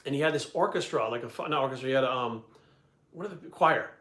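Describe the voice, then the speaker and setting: Blunt, profane man, coach type; rapid delivery, roomy echo. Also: mid-range voice, expressive, fairly bright tone. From Providence, Rhode Island. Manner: blunt, heavy swearing, rambling asides. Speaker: bodybuilding coach answering questions. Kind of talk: casual storytelling and Q&A. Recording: echoey room.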